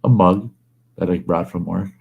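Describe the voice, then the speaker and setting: A man's voice: sits low, normal speed, vocal fry, husky, narrow, tinny audio. A man hosting his own storytelling show from home, telling a rambling, folksy tale in a plain-spoken, casual way. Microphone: wearing earbuds.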